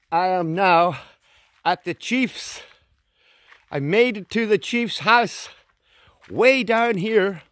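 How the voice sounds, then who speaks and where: A man's voice: sits high, a bit bright, dry recording, clean studio sound. An Irish man chatting in a casual, joking way while walking through a forest for his vlog. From Ireland. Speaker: vlogger. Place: outdoors in a forest.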